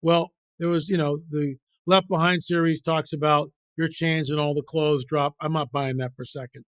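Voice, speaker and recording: A man's voice: a little high, fairly even intonation, normal speed, fairly bright tone, no room sound, studio quality. A man speaking as a guest researcher in an interview, emphatic and repetitive, firing off rhetorical questions with passionate conviction. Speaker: guest author and biblical researcher. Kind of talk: impassioned interview talk.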